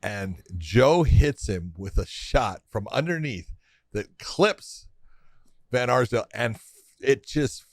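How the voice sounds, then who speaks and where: A man co-hosting a sports podcast, talking casually and emphatically with plenty of "absolutely" and quick laughs. His voice sits at a middle pitch, and the sound is dry and close. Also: animated, no echo. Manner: emphatic, agrees often, laughs. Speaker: podcast co-host, trainer. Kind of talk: casual chat.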